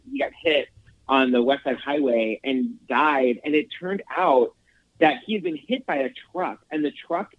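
A man's voice: fairly high pitch, no echo, phone-quality sound. A man from Boston in a casual chat who rambles and fills his talk with "like". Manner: rambling, hedging with "like".

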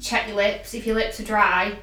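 A woman's voice: mid-range voice, flat delivery, moderate pace, sharp tone. Woman cohost, playful and chatty, laughs a lot, sounds a bit far off in an echoey room. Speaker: podcast co-host, former teacher. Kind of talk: casual podcast chat.

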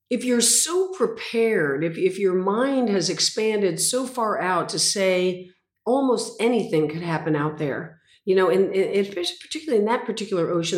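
Older woman, sixties, intense dramatic storyteller, roomy echo. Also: lowish voice. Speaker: guest. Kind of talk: interview conversation.

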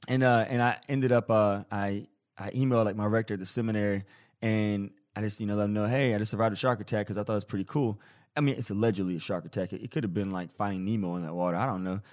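A man's voice: on the low side, fast talker. A man hosting a podcast, telling a story in a casual, playful, jokey way and acting out the scenes as he goes. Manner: animated, playful storyteller who acts out scenes; jokey, self-deprecating. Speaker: podcast host.

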